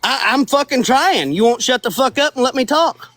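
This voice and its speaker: A woman's voice: high voice, animated, moderate pace, dry recording. Combative, foul-mouthed woman caller. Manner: swearing, combative.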